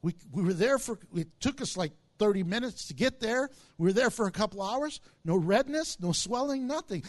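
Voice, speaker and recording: A male pastor delivers a sermon in a strikingly high voice. He keeps it lively and jokey, telling stories and acting out other people's lines. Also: moderate pace, few pauses. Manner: animated storytelling with jokes and acted-out quotes.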